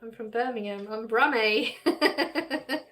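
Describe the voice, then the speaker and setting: A woman's voice: on the high side, slow pace, fairly bright tone. A woman chatting casually on a livestream, reading viewers' comments aloud and answering them with frequent laughs.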